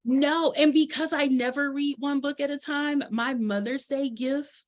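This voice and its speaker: A woman's voice: high voice, fairly even intonation, a little slow. Bubbly woman life coach, chatty and loose, casual delivery. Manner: chatty, bubbly, lots of fillers. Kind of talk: casual presentation chat.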